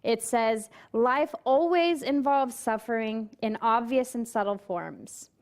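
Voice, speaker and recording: Taking her time, a woman minister with a voice on the high side preaches a sermon. She recounts a story using put-on voices for the quotes and turns to ask the congregation questions.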